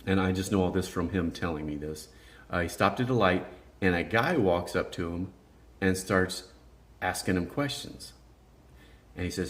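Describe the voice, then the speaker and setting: Deep-voiced man rambling through stories. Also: moderate pace, a bit bright. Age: middle-aged. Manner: rambling, laughs through anecdotes, acts out quoted voices. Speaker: vlogger telling life stories. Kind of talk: casual storytelling monologue.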